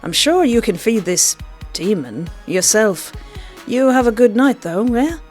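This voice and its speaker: A woman playing a dry, sarcastic Irish guy at a college party, game character voice, teasing and wry, a bit of soft music under it. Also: on the high side, very animated, measured pace. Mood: scoffing. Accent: Irish (put on).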